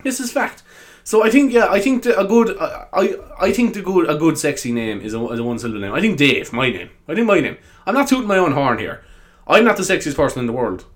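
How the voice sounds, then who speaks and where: A man's voice: fairly high pitch, lively intonation, fast. A young Irish man hosting a solo podcast, chatting casually in a rambling, easily sidetracked way and giggling a lot. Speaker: podcast host.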